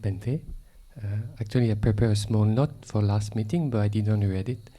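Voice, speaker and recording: French-accented monk, mellow and dark tone, hesitant and polite. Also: male voice, lowish voice, normal speed. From France. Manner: hesitant, polite, many fillers. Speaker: monk asking a question. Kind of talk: discussion question.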